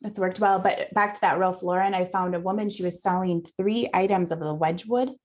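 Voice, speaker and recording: A woman's voice: on the low side, fairly even intonation, brisk, a little mellow. A woman guest on a podcast, chatting casually and telling at length about the items she has found to resell. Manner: chatty, telling her own finds at length. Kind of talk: casual interview chat.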